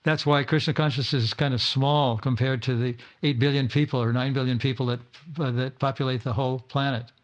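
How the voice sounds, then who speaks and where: A man's voice: medium pitch, steady tone, a little fast, hardly any pauses, muffled recording. An older man giving an informal talk to his disciples at a home gathering, often stumbling, repeating words and restarting sentences. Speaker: spiritual teacher.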